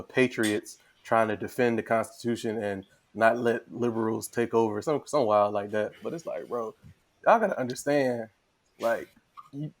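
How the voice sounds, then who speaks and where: A man co-hosting a casual podcast chat, talking in a laid-back, slangy, rambling way. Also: medium pitch. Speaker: podcast co-host.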